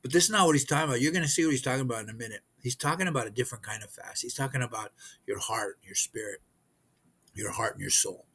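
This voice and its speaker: A man's voice: mid-range voice, pushed and bright, breathy edge. A man preaching an informal, conversational sermon, reading scripture aloud and explaining it with frequent restarts. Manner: conversational, halting, with many restarts and fillers. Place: missionary post abroad.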